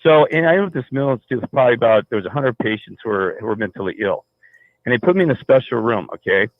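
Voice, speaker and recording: A man's voice: medium pitch, animated, rapid-fire, no echo. A man calling into a talk show, telling a long personal story in a rambling way, full of restarts and fillers. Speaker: caller. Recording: tinny phone line.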